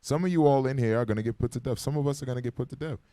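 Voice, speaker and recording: A man leading a Bible class at a quick pace, talking casually and with urgency. He keeps checking that the room is with him and asking for responses. His voice sits in a middle pitch, recorded dry and close. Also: mellow, smooth, no echo. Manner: conversational and urgent, calling for responses. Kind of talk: informal Bible class teaching. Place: classroom gathering. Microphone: microphone.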